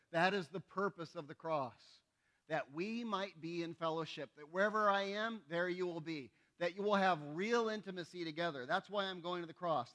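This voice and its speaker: A man's voice: high voice, sharp tone. A male pastor preaching a sermon, conversational and emphatic, often checking in with the congregation. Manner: conversational, asks the congregation for responses; emphatic repetition.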